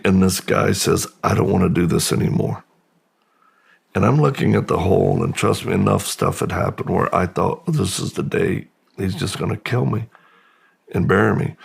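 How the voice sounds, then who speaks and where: A middle-aged man speaks as an interview guest, slow and halting, often pausing and restarting. His voice sits very low and is deeply gravelly. It is husky throughout. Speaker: podcast guest. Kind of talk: personal testimony in a long-form interview.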